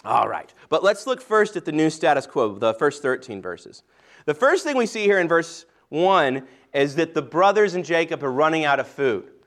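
A man's voice: on the high side, sing-song, fairly bright tone. Earnest man preaching a sermon. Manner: measured, earnest preaching with occasional restarts. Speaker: pastor. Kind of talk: sermon with scripture reading.

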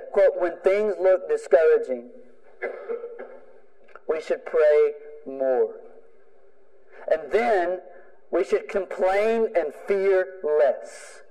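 A man's voice: a little high, warm tone. A preaching man in a reverberant hall. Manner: emphatic preaching with repeated phrases. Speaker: pastor. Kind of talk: sermon.

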